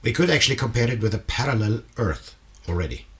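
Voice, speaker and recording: A male interviewer speaks in an agreeable, searching way, pausing with ums and restarts as he shares his own experiences. His voice sits in an ordinary middle register. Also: medium pitch, animated, crowd noise. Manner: agreeable, hesitant, many fillers. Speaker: interviewer host. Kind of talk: conversational interview.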